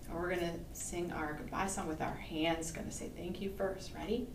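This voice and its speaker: A woman's voice: lowish voice, fairly even intonation, normal speed, a little hiss or hum. A woman librarian reading a picture book aloud for toddlers, sing-song and coaxing the children to join in. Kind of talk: toddler storytime read-aloud. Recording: roomy, distant mic, faint ambience.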